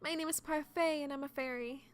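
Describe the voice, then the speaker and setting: A woman voicing a gentle female fairy who speaks softly and reassuringly in a game playthrough. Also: high voice, steady tone, fairly quick, voice pushed up, lightly acted.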